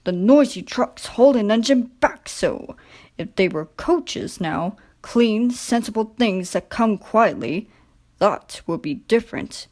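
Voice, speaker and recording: A woman's voice: mid-range voice, lively intonation, takes it slowly, darkish tone. A woman voicing a big, proud male steam engine who boasts and grumbles, in a storybook reading. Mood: sulky.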